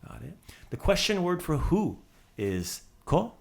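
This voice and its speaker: A man's voice: fairly high pitch, very animated, unhurried, vocal fry, slightly rough. A man hosting a casual language lesson, drilling words with playful asides. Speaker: language teacher.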